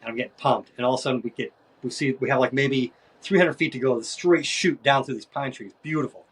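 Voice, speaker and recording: A man as a podcast guest, telling a story in a casual, animated way and acting out other people's voices. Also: mid-range voice, fast talker, breathy edge. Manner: animated, acts out voices in his stories.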